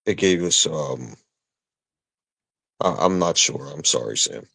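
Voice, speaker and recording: A man's voice: rumbling low, lively intonation, takes it slowly, vocal fry, pushed and bright, breathy edge, no echo. A sleepy, tired man calling in, answering hesitantly and apologizing. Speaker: caller.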